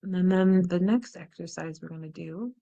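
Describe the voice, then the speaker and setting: Soft-spoken woman guiding a meditation. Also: on the low side, moderate pace, gravelly, dull audio. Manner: calm, gentle, often softly spoken. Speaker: meditation and wellness instructor. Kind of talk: guided meditation instruction.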